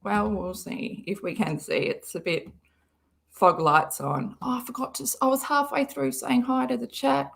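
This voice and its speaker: A woman's voice: a little high, steady tone, moderate pace, gravelly. A young woman hosting a casual live stream from her car, greeting viewers by name and swearing often.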